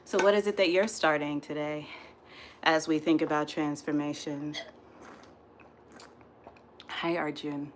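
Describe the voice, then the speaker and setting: A woman's voice: low-pitched, unhurried, pauses often, a little hiss or hum. A woman fitness instructor, coaching a live workout with whoops and encouragement. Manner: energetic, whooping, encouraging, says "y'all".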